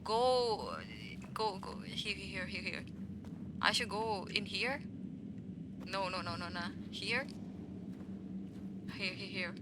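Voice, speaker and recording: Against a noisy background, a woman streams a game and talks slowly, leaving long pauses. Her medium-pitched voice carries a playful, teasing tone as she chats casually and replies to her viewers' messages.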